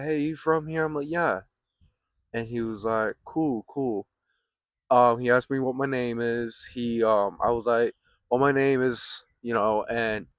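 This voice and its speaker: A young man vlogging in a laid-back, rambling way, with many fillers and pauses. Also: mid-range voice, dry recording, studio quality. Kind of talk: casual vlog talk. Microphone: phone or camera mic, built-in mic.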